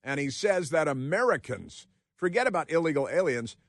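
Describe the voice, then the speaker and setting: A man's voice: sing-song, normal speed, no echo, clean studio sound. A man hosting a political talk radio show, delivering a sarcastic, mocking monologue that rambles with many fillers. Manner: puts on high mocking voices for quotes. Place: radio studio. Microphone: close studio microphone.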